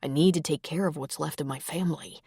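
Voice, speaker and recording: A woman voicing a grieving young husband who stays gentle and protective, speaking in a soft, lowered, steady voice. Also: fast, slightly rough, dry recording, clean studio sound.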